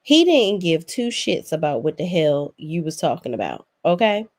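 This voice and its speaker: A woman hosts a casual reality-TV recap in a fairly low voice. She is blunt, sassy and profane, and she talks straight at the people on the show. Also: very animated, moderate pace, darkish tone. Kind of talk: casual opinionated recap commentary.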